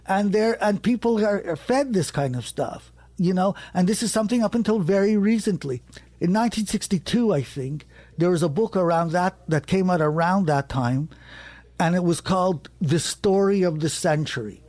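Animated man telling a story, dry mic. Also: high-pitched, moderate pace, dry recording. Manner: animated, rising sharply when excited, with self-corrections. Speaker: storyteller guest. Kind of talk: conversational anecdote.

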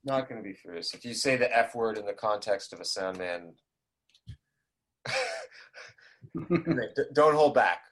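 A male radio host with a fairly low voice teases and encourages his guest in a relaxed, playful way. His delivery is chatty and easygoing. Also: unhurried, long pauses. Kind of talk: casual radio conversation.

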